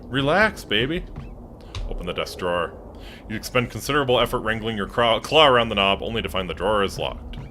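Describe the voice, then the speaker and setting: A man's voice: on the low side, quick pace, pushed and bright, a little hiss or hum. A man streaming a game, joking around and reading the game's narration aloud. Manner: playful, jokey, reads narration aloud. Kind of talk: gameplay commentary and reading game text aloud.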